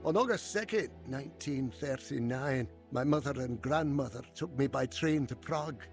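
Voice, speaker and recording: A man narrating his childhood memories in a calm, reflective storytelling manner. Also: medium pitch, moderate pace, music in the background. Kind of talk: scripted memoir narration.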